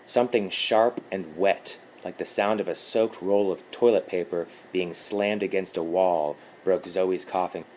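Low male narrator, slow and measured, horror story reading. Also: steady tone, a little mellow, a little hiss or hum.

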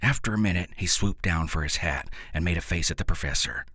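Deep, husky male storyteller. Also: fairly quick, sharp tone, no room sound. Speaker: narrator. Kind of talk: storytelling reading in folksy dialect. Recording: dry close mic, faint music.

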